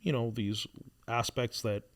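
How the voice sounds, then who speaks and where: A man in his thirties co-hosting a podcast, talking in a reflective, halting way with many restarts. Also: mid-range voice, fairly even intonation. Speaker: podcast co-host. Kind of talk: casual chat.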